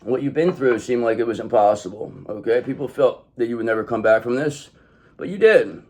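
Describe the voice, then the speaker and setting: Male tarot reader, mid-pitched, brash and profane, hypes the viewer up. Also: fairly quick, a little mellow. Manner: swaggering, emphatic, profane, keeps tagging "okay?". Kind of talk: casual tarot reading monologue.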